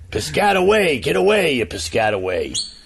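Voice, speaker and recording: A man's voice: mid-range voice, creaky, a little hiss or hum, exaggerated voice. A man playing a blustery, joking camp sergeant with a New Jersey accent in a comedy radio bit. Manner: jokey, blustery storyteller.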